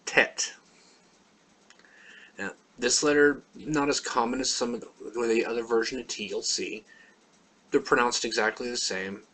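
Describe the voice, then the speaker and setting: Husky guy teaching letters, patient, says each word twice slow. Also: mid-range voice, bright, forceful tone. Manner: plain, patient explaining with slow repeated words. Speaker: language teacher. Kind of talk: alphabet lesson.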